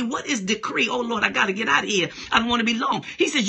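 A middle-aged woman preaching an energetic, emphatic monologue as a speaking coach, repeating phrases and exclaiming. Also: medium pitch, normal speed, hardly any pauses, breathy edge.

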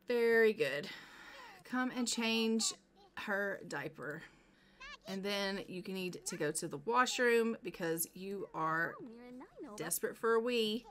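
A woman's voice: medium pitch, a bit bright, slight background noise. A woman casually narrating her life-simulation gameplay, chatting to the characters as she plays. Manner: chatty, talks to the game characters directly. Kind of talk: casual let's-play commentary.

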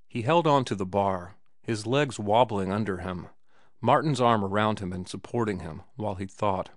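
A man narrating an audiobook in a measured, phrase-by-phrase reading. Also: on the low side, no room sound, studio quality. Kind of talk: scripted narration.

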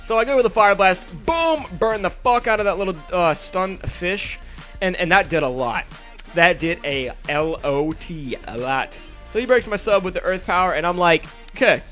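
Young man, high voice, excitable, sweary, casual game commentary, faint music underneath. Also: a little fast. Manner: excitable, swears freely, laughs at himself. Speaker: gaming video narrator.

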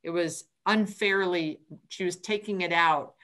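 A woman's voice: on the low side, a little slow, fairly bright tone. A woman hosting a book club call, chatting casually and retelling sales conversations with frequent restarts. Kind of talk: casual group call discussion.

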